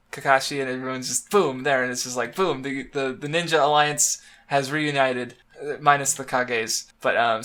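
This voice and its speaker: A man's voice: mid-range voice, bright, forceful tone, smooth. A young man co-hosting a casual manga podcast, rambling with many fillers and restarts. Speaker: podcast co-host.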